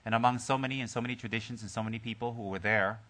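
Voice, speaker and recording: A man who is a Buddhist teacher giving a Dharma teaching to his group, joking at first and then telling a story in a calm, soft way with many pauses and restarts. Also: on the low side.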